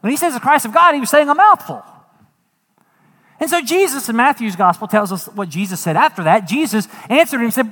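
A man preaching a sermon as a pastor, folksy and animated, acting out quotes and dropping jokes. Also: very high-pitched, brisk, husky, big-room sound.

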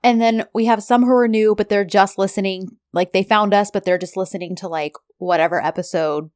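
A woman's voice: mid-range voice, fairly even intonation, fairly quick, a little mellow, no echo. A woman co-hosts a podcast in loose, casual chat, her voice sitting in the middle of her range. She rambles comfortably, full of fillers and little asides, recorded close and dry with no room around her. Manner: chatty, lots of fillers and "like". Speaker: podcast co-host.

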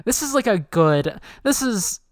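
A woman co-hosting a casual book chat, chatty and animated, laughing often. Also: medium pitch, a little slow, no echo, studio quality. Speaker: podcast co-host.

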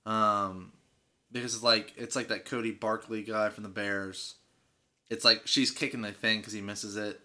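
A young man co-hosting a podcast, chatting casually and telling an animated story with plenty of swearing. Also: fairly low pitch, moderate pace. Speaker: podcast co-host. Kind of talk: casual chat.

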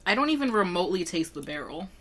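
A woman with a lowish voice chats and jokes with a friend in a teasing way. Her voice is bright and bounces around a lot in pitch. A faint background noise sits under the recording. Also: sing-song, fast. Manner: teasing, joking. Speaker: co-host. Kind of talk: casual chat.

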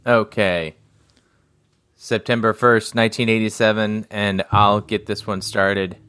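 Man, podcast co-host, casual chat, low voice, unhurried halting delivery, frequent chuckles. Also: level tone, sharp tone, faint music behind.

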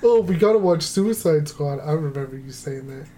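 A man's voice: on the high side, expressive, normal speed, warm tone. A man co-hosting a casual movie podcast, wry and sarcastic, often trailing off mid-thought. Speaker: podcast co-host.

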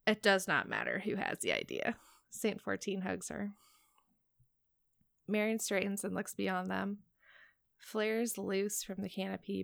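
A woman reading a story aloud in a calm, even voice, then chatting casually with co-hosts. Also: medium pitch, gravelly, no room sound, studio quality. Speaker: reader and podcast co-host. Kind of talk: reading fan fiction aloud.

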